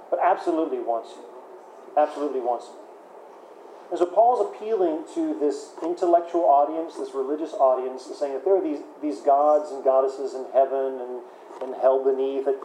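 A man's voice: on the high side, fairly even intonation, moderate pace, warm tone, a little hiss or hum. Man preaching in an echoey hall. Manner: conversational preaching with repeated words and fillers. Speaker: pastor. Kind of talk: sermon.

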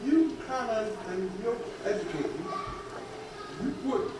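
A man's voice: high-pitched, very animated, slow pace, background noise. A man in a Bible class asking a tentative question. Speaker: class member. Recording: echoey room, people around.

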